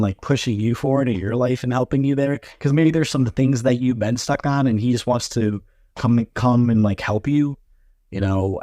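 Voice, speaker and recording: A man doing a casual spiritual card reading, speaking gently and reassuringly, with frequent pauses and fillers. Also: mid-range voice, dry recording, studio quality. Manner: gentle, halting, filler-heavy reassuring talk. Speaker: tarot card reader.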